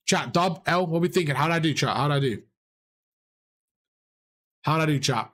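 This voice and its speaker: A young man coaching players and chat through a live game review, excited and rapid, his voice worn out. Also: a little high. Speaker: esports coach and streamer. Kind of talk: live VOD review commentary.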